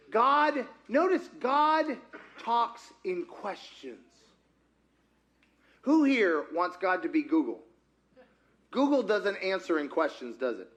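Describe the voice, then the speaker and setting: A man's voice: sits high, a little slow. A man preaching a conversational sermon as pastor, often putting questions to the congregation. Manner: asks the congregation frequent questions; conversational and animated. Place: church sanctuary.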